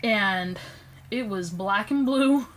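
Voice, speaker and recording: A young woman tells a personal story straight into her phone camera, chatty and expressive. She acts out the quoted lines by pushing her voice up, and her mid-range pitch moves a lot from line to line. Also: takes it slowly, rough recording. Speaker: vlogger.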